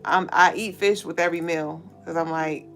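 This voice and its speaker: A woman's voice: lowish voice, steady tone, moderate pace, a bit bright, soft background music. A woman hosting a spiritual show, talking casually and candidly to viewers, swearing freely while holding back tears. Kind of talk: casual venting monologue to viewers.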